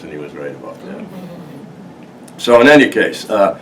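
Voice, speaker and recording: A man's voice: deep voice, big pitch swings, normal speed, pauses often, fairly bright tone. An older man presenting a local history talk, telling stories casually with many restarts and laughs. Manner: rambling, many restarts, laughs through his story. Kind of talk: casual storytelling to an audience. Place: museum meeting room with audience. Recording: distant mic, faint noise.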